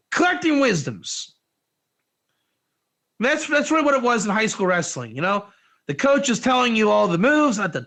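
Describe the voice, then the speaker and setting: A man giving an informal Torah class, energetic and joking, putting questions to his listeners in a classroom. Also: very high-pitched. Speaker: Torah teacher.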